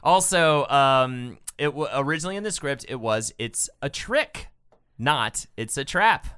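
A man co-hosts a casual podcast, reading quotes aloud and dropping wry jokes. His voice is bright, smooth and clear, and his pitch moves all over the place. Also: animated, measured pace. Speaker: podcast co-host. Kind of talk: casual comedic chat.

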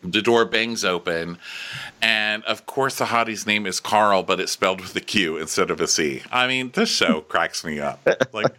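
Comedy recap co-host, male, bright and animated, jumps into goofy character voices. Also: fairly low pitch, moderate pace. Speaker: podcast co-host.

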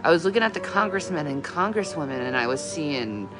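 A woman's voice: sits low, lively intonation. A woman vlogger speaking hesitantly, stalling with fillers as she rambles through a confessional video. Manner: hesitant, halting, many fillers. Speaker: vlogger in a played clip. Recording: music playing under the voice.

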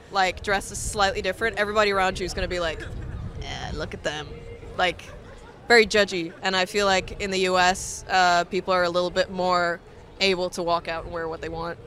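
A bright, clear-toned woman from Russia speaks with an American accent. She chats frankly and laughs easily in a casual street interview. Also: medium pitch, little pitch movement, a little fast.

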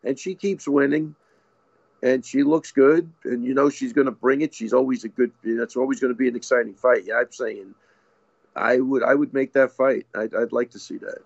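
A man co-hosting a casual sports talk show, easygoing and quick to agree. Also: mid-range voice, fairly even intonation, creaky, dry recording, muffled recording. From US East Coast. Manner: easygoing, agreeable, short replies. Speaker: podcast co-host.

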